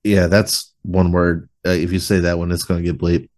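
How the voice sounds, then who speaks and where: Man, podcast host, low-pitched, rambling casual chat, lots of fillers. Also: flat delivery, normal speed, a little mellow.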